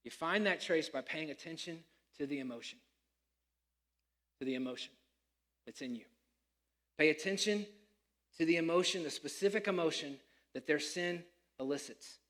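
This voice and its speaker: A man preaching a sermon as pastor, animated and acting out the people he quotes. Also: fairly high pitch.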